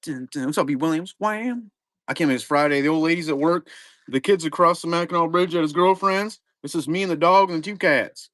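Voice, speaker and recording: A man's voice: on the high side, brisk, a bit bright, dry recording, studio quality. Laid-back man rambling on a stream. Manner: rambling, laid-back, talks to chat viewers. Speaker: card break streamer. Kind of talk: casual live-stream chat.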